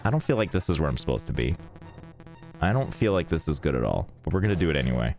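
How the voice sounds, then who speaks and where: Joking, animated male gaming streamer. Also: extremely low pitch, fast, faint music behind. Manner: joking, rambling, irreverent, swears freely. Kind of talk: casual live-stream banter while gaming.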